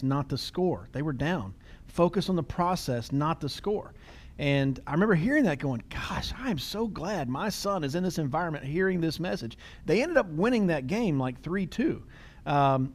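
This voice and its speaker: A middle-aged man hosting a podcast, talking casually, telling stories with quoted dialogue and laughing easily. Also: a little high. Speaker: podcast host.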